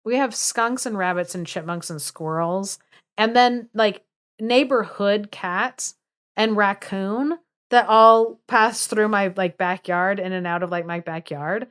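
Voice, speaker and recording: A young woman co-hosting a podcast, casually retelling a fairy tale with lots of fillers, laughter and animated asides. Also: mid-range voice, measured pace, smooth. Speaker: podcast co-host.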